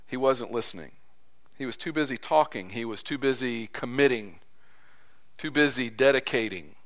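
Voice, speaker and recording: Bright-voiced conversational preacher man. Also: mid-range voice, animated, normal speed. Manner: conversational, repeats phrases for emphasis. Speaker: pastor. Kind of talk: sermon.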